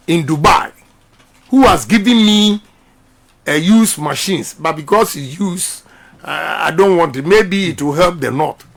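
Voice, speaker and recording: The high, slightly bright voice belongs to a middle-aged Ghanaian politician giving a radio interview. He speaks emphatically and keeps repeating his points, preacher-style.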